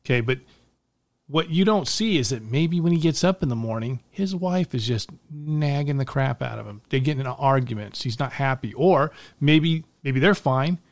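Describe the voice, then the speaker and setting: A man in casual chat, calmly laying out another side of the argument. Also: mid-range voice, normal speed, no echo. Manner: calm, reasoning, plays devil's advocate.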